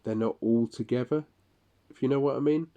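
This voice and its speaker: A man's voice: medium pitch, fairly quick, warm tone, dull audio. A man speaking a casual monologue for his audio log, rambling, profane and weary.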